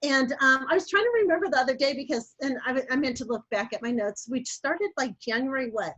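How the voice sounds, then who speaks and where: A woman's voice: sits high, a little fast, a bit bright, dull audio. An older woman, her voice affected by allergies, telling her story in a chatty, rambling way with many fillers. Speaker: coaching client. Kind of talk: casual interview storytelling.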